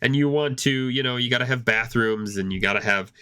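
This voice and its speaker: A man's voice: mid-range voice, a little fast, sharp tone, clear, resonant tone. A man co-hosting a gaming podcast, chatting casually and rambling with many restarts, fighting off a cough. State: hoarse with a cough. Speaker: podcast co-host.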